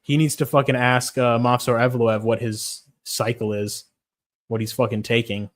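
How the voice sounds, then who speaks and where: A man's voice: medium pitch, little pitch movement, moderate pace. Profane man streaming fight picks. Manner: profane, blunt, rambling. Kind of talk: casual livestream chat about fights.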